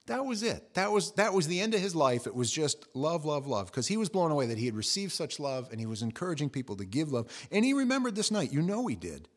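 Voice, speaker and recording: A middle-aged man preaching a sermon, telling the story with lively, acted-out quotes. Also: quick pace, hardly any pauses. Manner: animated storytelling, acting out quotes with jumps in pitch and volume. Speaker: pastor.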